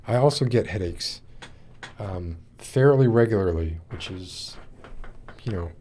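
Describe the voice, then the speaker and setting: A man's voice: low-pitched, animated, measured pace, warm tone, slight background noise. A man hosting a podcast livestream, rambling with many fillers as he greets people in the chat and then reads a short text aloud. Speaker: podcast host. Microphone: wears in-ear monitors.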